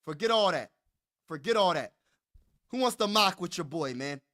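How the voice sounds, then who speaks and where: A man's voice: high-pitched, animated, normal speed, sharp tone. A man hosting a sports show, ranting as an emphatic, hyped fan, with stammering restarts and lots of repetition.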